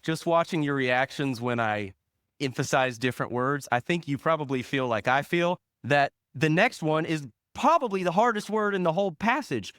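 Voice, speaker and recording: A man preaching a sermon as pastor, leaning hard on single words and letting phrase ends fall soft and low. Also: clean tone, no echo, clean studio sound. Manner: slow, emphatic stress on single words.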